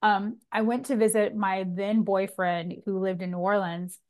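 A woman hosting a podcast, telling stories in a lively, casual way and swearing often. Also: medium pitch, unhurried. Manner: animated storyteller, frequent swearing. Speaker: podcast host. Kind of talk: casual chat.

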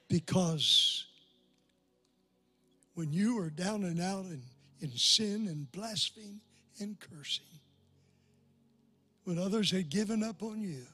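Older pastor preaching with husky fervor. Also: male voice, high voice, expressive, slow pace, long pauses, faint music behind. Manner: impassioned preaching, building to loud climaxes. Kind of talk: sermon. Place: large church before a crowd.

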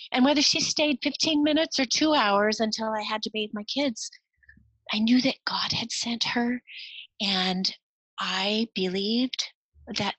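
Soft-spoken, husky middle-aged woman. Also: medium pitch, no echo, poor audio. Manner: soft-spoken, sometimes drops to a whisper. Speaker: speaker to cross-cultural workers. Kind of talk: reflective devotional talk.

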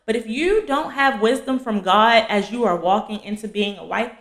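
A woman's voice: a little high, moderate pace, a bit bright. A young woman, hosting a faith podcast for women and teaching casually, blunt and chatty, calling her listeners "y'all.". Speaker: podcast host and fiancée coach. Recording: echoey room.

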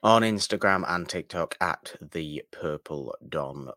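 A man co-hosting a podcast, reading out links and plugs in a measured, slightly formal way. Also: low-pitched, sharp tone, dry recording, clean studio sound. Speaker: podcast co-host. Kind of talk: casual podcast outro with plugs.

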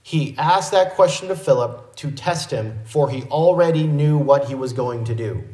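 A male pastor giving an expository sermon in a measured, explanatory teaching manner. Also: mid-range voice, a little mellow, echoey room, low-quality recording.

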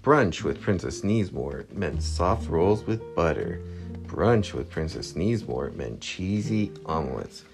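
A man reading a storybook aloud to his child, lively and expressive, with a gravelly voice. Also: deep voice, a little slow, over music. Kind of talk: bedtime story read-aloud.

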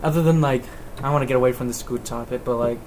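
A man's voice: mid-range voice, steady tone, fast, darkish tone, a little hiss or hum. A teenage boy co-hosting a casual podcast, rambling through stories with laughs and a lot of swearing. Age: teens. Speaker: podcast co-host. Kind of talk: casual chat.

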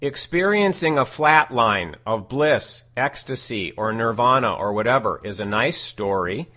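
A man giving scripted self-help teaching in a deliberate, emphatic way, repeating his key phrases. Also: medium pitch, animated, sharp tone.

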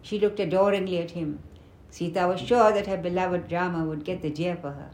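A woman narrating a storybook with expressive, dramatic delivery. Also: lowish voice, moderate pace, slight background noise. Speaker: book reader. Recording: roomy echoing room.

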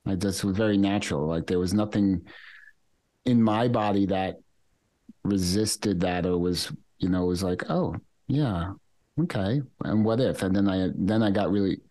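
A man co-hosting a podcast, speaking gently and slowly in an open, contemplative way. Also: low voice, fairly even intonation, no echo. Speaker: podcast co-host. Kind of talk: casual reflective conversation.

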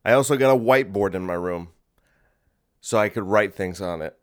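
A man's voice: lowish voice, normal speed. Rambling jokey man hosting a podcast. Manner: restless, jokey, easily sidetracked. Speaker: podcast host. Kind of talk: rambling solo podcast chat. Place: his bedroom at home.

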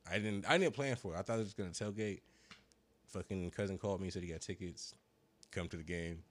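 A man telling a long, profane story in casual podcast chat, rambling, full of slang and sounding high. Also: fairly quick. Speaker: podcast co-host.

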